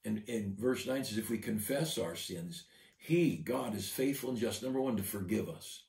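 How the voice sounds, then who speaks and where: A low, gravelly male pastor delivering an earnest devotional sermon, doubling back on his words as he presses each point. He sits a little away from the mic, so his voice rings through an echoey room. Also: expressive, normal speed, a little mellow, recorded from a distance. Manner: earnest, repeats words while building a point.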